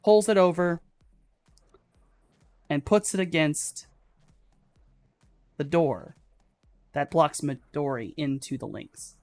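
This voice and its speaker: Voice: mid-range voice, animated, slow pace, long pauses, a little mellow, dry recording, soft background music. A game master narrating a live tabletop game in a casual, swearing, filler-heavy way.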